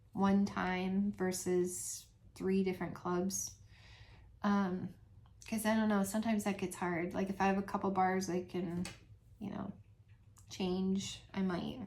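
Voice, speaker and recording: Speaking softly at a medium pitch, a middle-aged channel host has a casual vlog chat with her viewers. She pauses a lot and often lets out small laughs.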